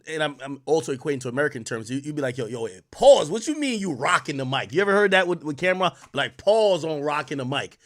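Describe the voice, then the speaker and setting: A man's voice: mid-range voice, fairly bright tone. A young man from Jamaica hosting a casual commentary stream, explaining with lots of restarts and laughing often. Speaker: host.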